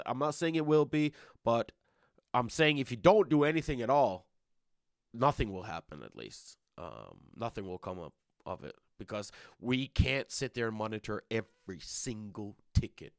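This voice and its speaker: A man's voice: mid-range voice, lively intonation, normal speed, no room sound, clean studio sound. A man leading a casual community meeting as a roleplay server's staff lead, talking in a rambling, stop-start way and often repeating words.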